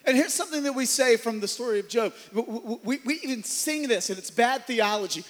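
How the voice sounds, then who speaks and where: A man preaching a sermon as pastor, swinging from loud, driven passages to hushed ones. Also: extremely high pitch, normal speed. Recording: long hall reverb.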